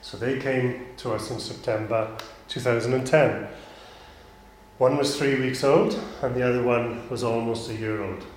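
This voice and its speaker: A man's voice: medium pitch, fairly even intonation, moderate pace, a little hiss or hum. A man preaching a sermon in a plain, conversational way, with asides and restarts. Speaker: pastor. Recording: echoey room.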